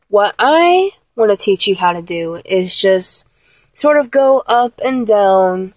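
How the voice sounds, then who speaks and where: Woman instructor, breathy and unhurried, coaches patiently step by step. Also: medium pitch, a little mellow, no room sound, poor audio. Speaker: vocal instructor. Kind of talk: instructional talk.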